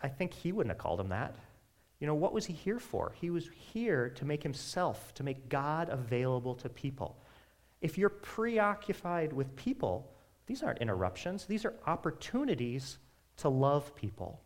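Animated, lively-voiced male preacher. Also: on the high side. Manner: conversational, animated preaching with quick asides. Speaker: pastor. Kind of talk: sermon.

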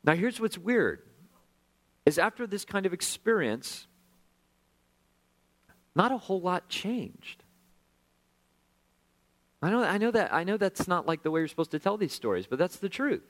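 Male pastor, middle-aged, conversational testimony-style sermon, hushed to animated. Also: sits high, a little slow, long pauses. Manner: conversational, self-deprecating, swings from hushed to animated. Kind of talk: sermon storytelling.

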